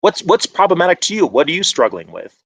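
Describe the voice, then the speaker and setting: A man giving an online conference presentation in a conversational, animated way, with frequent fillers. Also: high-pitched, quick pace, vocal fry, breathy edge, no echo.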